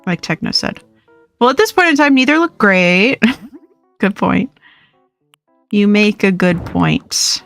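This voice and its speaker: A woman's voice: medium pitch, sing-song, slow, creaky, pauses often, fairly bright tone, faint music behind. A young woman hosting a livestream, chatting casually and rambling with frequent laughs while she plays. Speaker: livestream host. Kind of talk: casual chat while gaming.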